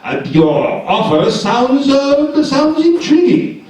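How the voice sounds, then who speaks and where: A man voicing a slow, ominous male jinn spirit in a live shadow puppet show, speaking with deliberate, teasing menace. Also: extremely high pitch, big pitch swings, darkish tone, heavily acted. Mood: scheming. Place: large echoey library hall, live show. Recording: echoey hall, picked up from far off.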